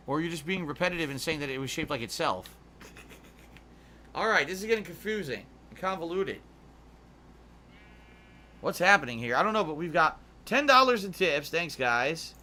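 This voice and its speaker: A man's voice: on the high side, expressive, normal speed, pauses often, sharp tone. A man casually chatting on a gaming livestream, rambling and musing aloud with some swearing, yawny tonight. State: yawny, sleepy. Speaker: streamer.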